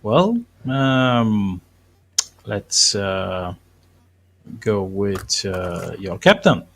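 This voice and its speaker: A man's voice: lowish voice, lively intonation, drawn-out words, gravelly, fairly bright tone, slight background noise. A man running a tabletop game as game master, speaking hesitantly with many fillers.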